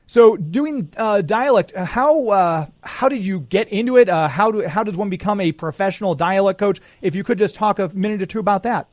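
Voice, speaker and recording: A man's voice: high voice, fairly quick, few pauses, a little mellow, no echo. A man hosting a radio interview, eager and enthusiastic, with many "uh"s as he introduces and questions his guests. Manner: eager, enthusiastic, filler-heavy. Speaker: radio host.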